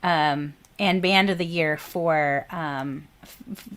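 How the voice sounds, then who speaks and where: A woman hosting an online radio show, chatting casually and often laughing, with many fillers. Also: deep voice. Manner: giggly, warm, slow with fillers. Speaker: radio show host, band member. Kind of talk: casual chat.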